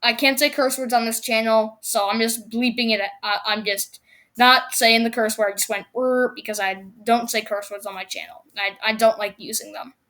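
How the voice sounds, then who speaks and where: A woman hosting her own vlog channel, talking excitedly about movie predictions and often stumbling and restarting her sentences. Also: fairly high pitch, moderate pace. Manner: excitable, rambling with many restarts. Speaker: YouTube channel host.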